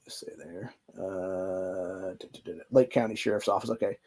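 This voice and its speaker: A man's voice: low voice, fairly even intonation, moderate pace, a little mellow. A man with an Ohio accent, hosting a show, reading news articles aloud and breaking into heated, profane rants. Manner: heated, profane ranting between stretches of reading. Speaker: podcast host.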